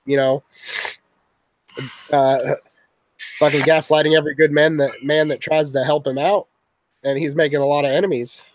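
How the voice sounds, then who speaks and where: A man's voice: fairly high pitch, fairly even intonation, normal speed, pauses often, no room sound, rough recording. A man from the Louisville area hosting a casual stream chat, blunt and swearing freely. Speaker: stream host.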